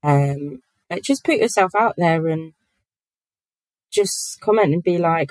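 Guest spot: low-pitched woman, chatty and giggly, dry close-mic sound. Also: animated, takes it slowly, darkish tone, no echo, low-quality recording. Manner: giggly, chatty, many fillers. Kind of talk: casual podcast chat.

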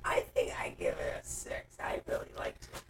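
A woman's voice: moderate pace, whispered. A woman in a casual chat, asking blunt, puzzled questions.

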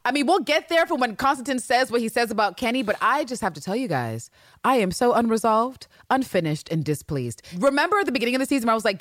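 A woman co-hosting a casual recap podcast, her pitch leaping up and down as she gets worked up. She swears freely and slips into the characters' lines. The sound is dry and close, with no room around her. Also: quick pace, no room sound. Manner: animated, profane, acts out characters' lines. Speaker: podcast co-host.

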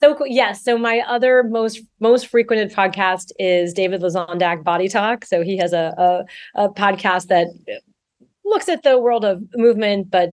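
A woman author talking as a podcast guest, expressive and talkative. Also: medium pitch, normal speed. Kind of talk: podcast interview.

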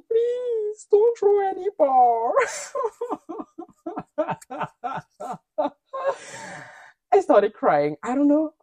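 A woman's voice: on the low side, warm tone, no echo. A woman hosting a podcast, recapping reality shows in candid, gossipy, opinionated chat and often laughing. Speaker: podcast host.

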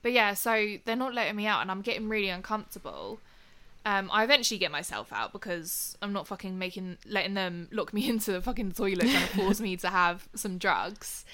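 Young woman, bright and lively voice, cheerfully sweary storyteller. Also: mid-range voice, fairly quick. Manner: swears freely, laughs through the story. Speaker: podcast co-host telling a story. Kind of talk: casual chat.

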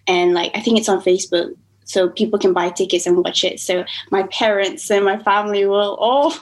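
A woman's voice: mid-range voice, fairly even intonation, a little fast, rough recording. A woman in her twenties with a slight American accent, a student chatting as a podcast guest, often quoting herself and laughing easily. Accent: American-tinged. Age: 20s. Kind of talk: casual conversation.

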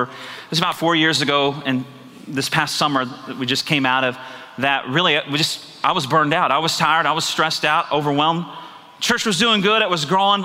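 Bright-voiced man preaching in an echoey hall. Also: high voice. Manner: earnest, confessional, frequent rhetorical questions. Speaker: pastor. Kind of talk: sermon. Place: church sanctuary. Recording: reverberant church hall.

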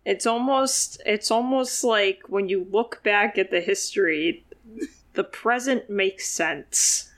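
A woman co-hosting a comedy podcast, chiming in with quick, teasing jokes and laughter. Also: mid-range voice, a bit bright. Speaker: podcast co-host. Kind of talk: casual banter.

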